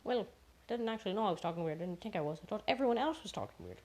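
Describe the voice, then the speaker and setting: A woman's voice: expressive, rapid-fire, darkish tone. A woman rambling through a jokey mock stand-up monologue, correcting herself as she goes. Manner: rambling, self-correcting, jokey, pitch swinging up and down. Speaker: solo comedic rambler.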